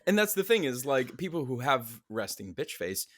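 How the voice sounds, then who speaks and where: A man's voice: medium pitch, very animated, moderate pace, a bit bright, no room sound. A man co-hosting a casual podcast, rambling and playful, laughing often. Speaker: podcast co-host. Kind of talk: casual chat.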